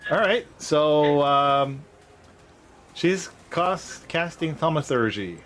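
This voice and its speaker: A man's voice: a little high, animated, slow, a bit bright, a little hiss or hum. A man acting as game master over a video call, casually describing scenes and explaining rules to young players with plenty of fillers.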